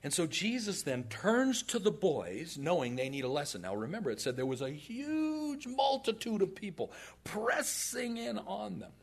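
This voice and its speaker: A man's voice: high voice, moderate pace. A man in his forties, preaching a sermon and telling stories animatedly. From United States. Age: 40s. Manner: animated, laughing through anecdotes. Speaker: pastor. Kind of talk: storytelling sermon.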